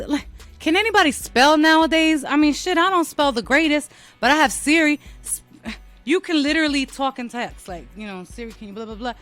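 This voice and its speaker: A woman's voice: sits high, a bit bright, dry recording. An American woman hosting her own show, talking casually to listeners in a blunt, profane and self-mocking way. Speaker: podcast host.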